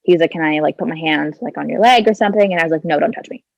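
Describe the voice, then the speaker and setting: A woman in her twenties, guesting on a podcast, races through a personal story in a chatty way, using "like" and "kinda" and acting out her thoughts. Her voice is deep with vocal fry. She speaks into a handheld phone, and the recording is muffled with no echo.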